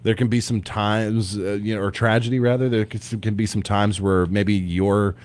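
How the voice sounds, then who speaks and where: A man hosting a morning radio show in a studio, telling stories in a rambling, animated way with lots of restarts. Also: lowish voice, normal speed. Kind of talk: casual radio chat.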